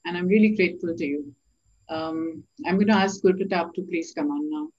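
A woman's voice: on the low side, brisk, a little mellow, breathy edge. A woman moderating an online talk, thanking the speaker with enthusiasm and gratitude. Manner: enthusiastic, grateful. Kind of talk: thanking the guest. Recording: dull, lo-fi sound.

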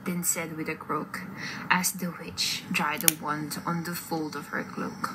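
A woman reading a picture book aloud to a child, animated, with gasps and whispers. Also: sits low, measured pace. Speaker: reader. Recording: noisy home recording.

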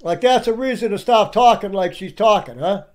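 A man's voice: sits high, normal speed. A man giving emphatic preaching commentary on clips, calling out to his listeners again and again. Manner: emphatic, keeps addressing the audience as "people". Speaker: religious commentator.

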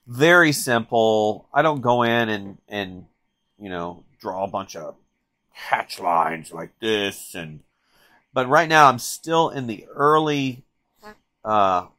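A man's voice: on the low side, takes it slowly, pushed and bright. Chatty man narrating a drawing session. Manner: rambling, chatty, self-interrupting. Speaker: artist and channel host. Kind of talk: casual drawing tutorial narration.

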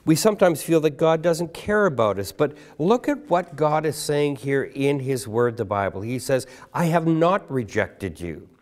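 A man preaching a sermon as guest pastor, putting rhetorical questions to the congregation and slowing down to stress key words. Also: on the high side, lively intonation, a little mellow.

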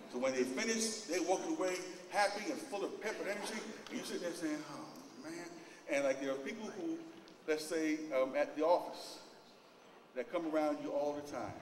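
A man gives a loose, hands-on demonstration to a live audience, talking volunteers through each step. His voice sits a bit high and comes from a distance. It rings around a large echoing hall over steady background noise. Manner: casual, instructing volunteers as he demonstrates; gets loud and animated in stories. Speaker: opening speaker at a lecture.

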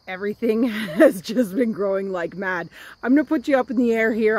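A woman's voice: mid-range voice, a little mellow. A woman chatting enthusiastically as she tours her garden and explains a recipe while she works. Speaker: homesteading vlogger. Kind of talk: casual cooking and garden vlog. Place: garden outdoors, then kitchen.

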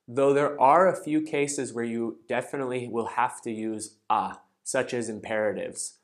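A man gives a scripted online language lesson in a clear, methodical voice. His pitch sits in the middle range for a man. He repeats each example word slowly and carefully, recorded close to the mic as a voice-over. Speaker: language teacher.

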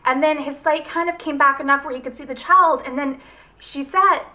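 High, bright, chatty woman vlogger. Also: moderate pace. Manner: chatty and rambling, many fillers; gushing, emotional. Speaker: book vlogger. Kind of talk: casual video review.

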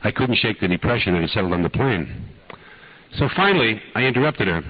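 A man's voice: on the low side, lively intonation, fast talker, no room sound. An older man preaching in a folksy, dramatic storytelling way that rises to impassioned pleading, on an archive recording. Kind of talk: storytelling sermon. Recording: dull lo-fi archive talk recording.

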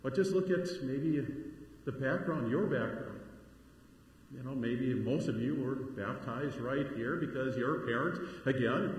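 A man's voice: mid-range voice, unhurried, a little hiss or hum. A middle-aged man, a pastor giving a sermon in a conversational way, with frequent asides and rising emphasis. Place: large church sanctuary. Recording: very echoey church hall, faint ambience.

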